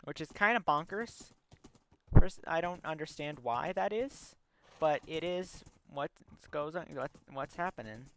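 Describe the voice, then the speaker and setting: A young man talks his way through a gaming livestream in a loose, rambling way, with plenty of ums and likes. His voice sits a bit high for a man and comes across clean and smooth. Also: expressive, unhurried, fairly bright tone. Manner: rambling, filler-heavy storytelling. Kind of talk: casual live-stream chat.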